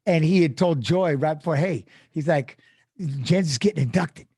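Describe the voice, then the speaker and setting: A man guesting on an interview show, telling an emotional story in an animated way, acting out quoted voices and swearing casually. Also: on the high side, normal speed, slightly rough, no echo, clean studio sound.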